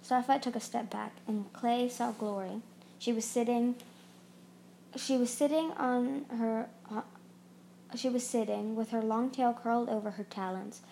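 A woman's voice: a little high, fairly even intonation, measured pace, vocal fry, mellow, a little hiss or hum. A woman narrating a fantasy novel aloud as an audiobook reader, often stumbling and restarting words.

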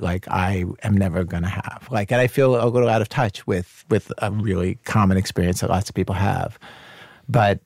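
Quick-talking man with a gravelly edge. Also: fairly low pitch, darkish tone, dry recording, studio quality. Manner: quick, laughing, full of "like" and "you know". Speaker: radio host as guest. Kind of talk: casual interview conversation.

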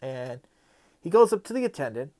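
A man's voice: mid-range voice, sing-song, moderate pace. Rambling man, fired up. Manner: rambling, many fillers, gets loud and heated when ranting. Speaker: podcast host. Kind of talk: casual monologue and rant.

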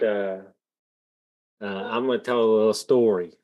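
A man's voice: on the low side, fairly even intonation, measured pace, dull audio, soft background music. A man hosting a podcast and telling a long, rambling story in a casual way, full of fillers. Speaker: podcast host. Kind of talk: conversational storytelling.

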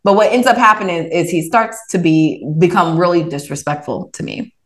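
A woman who is an author and reiki practitioner appears as a podcast guest, casually telling a personal story. She's animated, acting out the back-and-forth and repeating "I was like" a lot. Her voice is lowish and brisk.

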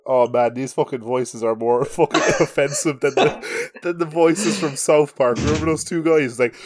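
A man's voice: medium pitch, moderate pace. A young man with an Irish accent co-hosting a podcast from his bedroom, joking crudely and laughing often into his mic. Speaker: podcast co-host. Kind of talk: casual chat. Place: bedroom at home.

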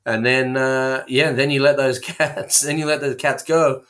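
A man in a loose, jokey conversation, wandering from one silly idea to the next with plenty of "uh"s and restarts. He talks at an ordinary middle pitch, and his voice comes through a remote call line. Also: steady tone, unhurried, a bit bright. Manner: rambling, playful, absurd tangents with frequent fillers. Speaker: co-host. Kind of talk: casual comedic chat.

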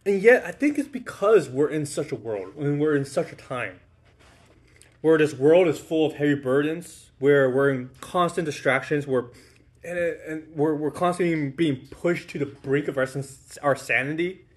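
A man's voice: fairly high pitch, moderate pace. A man preaching a sermon to his congregation in a conversational way, often checking in with "right?". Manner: informal, with fillers and restarts. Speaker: pastor.

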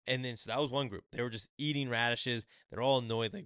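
A man's voice: mid-range voice, fairly even intonation, a bit bright, clear, resonant tone, no echo. Rambling man on a dry solo podcast. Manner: rambling, acts out quotes in quick asides. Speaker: podcast host. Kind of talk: casual solo book review.

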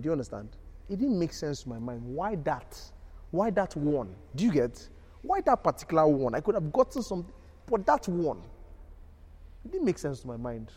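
Male pastor, sermon delivery, conversational with frequent "you understand?" and forceful climaxes. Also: medium pitch, slight background noise. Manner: repeats "you understand?", builds to loud emphatic peaks. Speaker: preacher.

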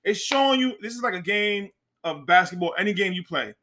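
A man's voice: sits high, expressive, a little fast, sharp tone. A man co-hosting a casual podcast, ranting heatedly and emphatically with plenty of swearing. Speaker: podcast co-host. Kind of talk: casual chat.

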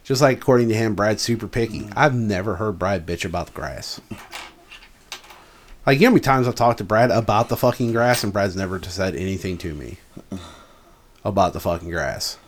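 A man with a lowish voice in casual podcast chat, blunt and profane as he vents. A faint hiss of noise sits under the recording. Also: a little fast. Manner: blunt and profane, venting about work. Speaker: podcast co-host.

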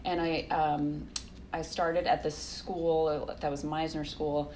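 A woman in her thirties, a guest telling lively stories in casual conversation, laughing often and acting out quotes. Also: low voice, takes it slowly, slight background noise. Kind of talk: casual interview storytelling.

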